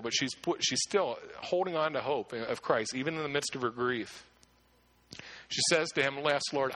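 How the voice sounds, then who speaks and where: A man delivers a sermon with a bright, forceful tone at a middle pitch. He preaches earnestly and emphatically, doubling back on words as he builds his points. The sound is that of a pastor speaking in a church.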